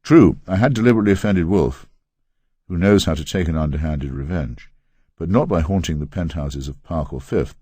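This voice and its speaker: English man, extremely deep voice, dry close sound, wry measured memoir narration. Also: warm tone, no echo. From England. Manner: wry, measured, ironic delivery. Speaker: audiobook narrator reading his memoir. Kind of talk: scripted audiobook narration.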